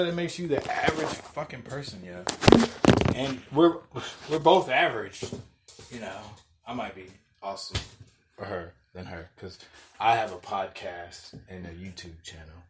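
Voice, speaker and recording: A young man hosting a podcast, telling a story in a loud, animated, profane way, acting out what people said and laughing often. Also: medium pitch, measured pace, a little hiss or hum. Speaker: podcast host. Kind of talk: casual storytelling rant.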